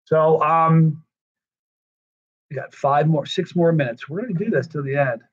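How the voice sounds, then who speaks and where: A man's voice: on the high side, unhurried, slightly rough. A tired man hosting a livestream, rambling and effusive as he thanks his viewers one by one. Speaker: livestream host. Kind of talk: casual livestream chat. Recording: dull lo-fi stream audio.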